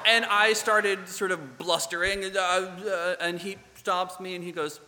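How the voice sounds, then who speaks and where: A young man telling a personal story to a church gathering, halting, with many restarts and fillers. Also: high-pitched, steady tone, background noise. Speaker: guest storyteller. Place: church hall. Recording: echoey hall.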